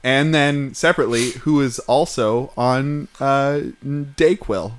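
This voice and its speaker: A man hosts a casual podcast with a jokey, rambling delivery. His voice sits at an everyday middle pitch. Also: takes it slowly, clean tone. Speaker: podcast host.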